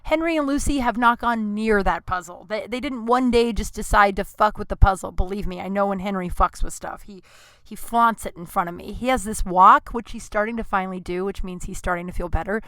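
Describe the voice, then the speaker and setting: A woman hosting a casual solo podcast, telling stories in a profane, animated way with sudden loud outbursts. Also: mid-range voice, fairly quick, no room sound. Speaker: podcast host.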